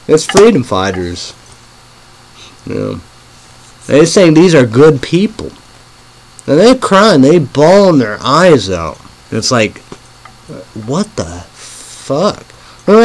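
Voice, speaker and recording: A man's voice: mid-range voice, slight background noise, low-quality recording. A man hosting his own online show in casual rambling talk, full of "you know" fillers and swearing. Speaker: show host.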